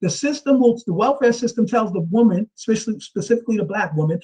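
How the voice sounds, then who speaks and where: A man's voice: high-pitched, lively intonation, fast talker, few pauses, darkish tone, low-quality recording. A man giving casual, emphatic ranting commentary on a vlog, often tagging his points with a rhetorical question. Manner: emphatic, repeats "you know what I'm saying".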